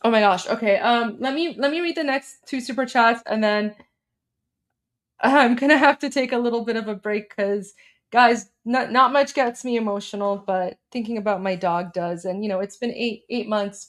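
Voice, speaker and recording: A woman's voice: on the high side, moderate pace. A woman co-hosting a live stream, chatting casually and bluntly as she reads out viewer messages, with plenty of "like" and "um".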